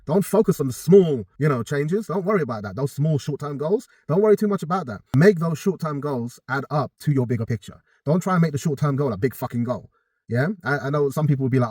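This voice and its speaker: A man's voice: a little high, lively intonation, fast, darkish tone, dry recording. A young man, a personal trainer giving blunt, profane, casual advice straight to his viewers. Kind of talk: casual direct-to-camera advice.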